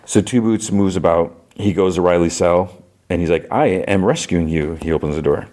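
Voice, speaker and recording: Very low-voiced man recapping casually. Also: fairly quick, mellow. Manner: rambling retelling, heavy on "he's like" and fillers. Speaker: podcast host.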